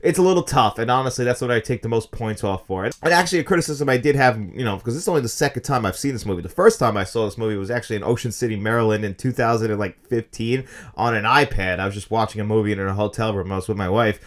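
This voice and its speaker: A man in his thirties giving a casual, opinionated review of a film and its disc release. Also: lowish voice. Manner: fast, enthusiastic, opinionated talk.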